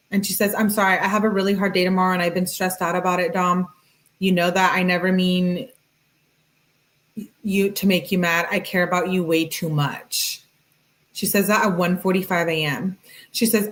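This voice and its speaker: A woman's voice: on the low side, rough recording. Woman casually reading out text messages. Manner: reads flatly with "she says, he says" tags and asides. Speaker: true-crime channel host.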